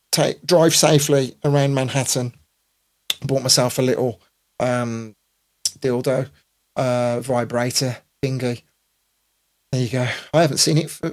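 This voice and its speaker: A man in his fifties, a DJ hosting a casual live stream, rambling with lots of fillers and restarts. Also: mid-range voice. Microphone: computer or phone mic on a live stream.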